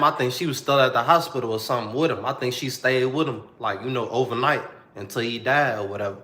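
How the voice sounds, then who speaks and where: A man's voice: medium pitch, pushed and bright, reverberant. A young man telling a personal story to the camera in a slangy, repetitive, heartfelt way.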